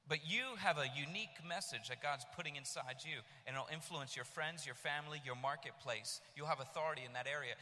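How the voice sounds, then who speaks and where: A man in his thirties from the United States preaching a sermon, telling his story with animated bursts of shouting. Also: fairly high pitch. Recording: long reverb of a large hall.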